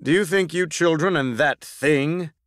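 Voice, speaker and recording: A man's voice: on the high side, a little slow, fairly bright tone, dry recording, clean studio sound. A man voicing a hearty, boisterous older president in a storybook podcast. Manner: boisterous, declamatory.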